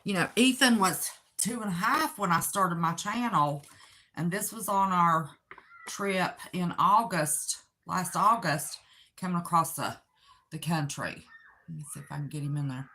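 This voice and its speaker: A woman's voice: on the low side, unhurried, bright, forceful tone. A tired, chatty middle-aged woman from Southern West Virginia with her own accent, rambling through a casual livestream and reading viewer comments aloud. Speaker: livestream host.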